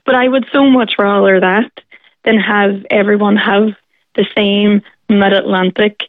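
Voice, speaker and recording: A woman from Derry, Northern Ireland, calls into a radio phone-in show and speaks forthrightly and with passion in her Derry accent. Her mid-range voice keeps a fairly even intonation at an unhurried pace. The tinny phone line carries no room sound.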